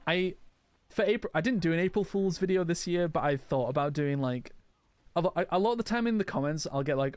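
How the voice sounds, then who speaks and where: A man's voice: on the high side, expressive, a little fast, clear, resonant tone, dry recording. A man chatting casually while playing a game, rambling and answering viewers' comments with frequent restarts. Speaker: gaming video creator. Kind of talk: casual live gameplay chat.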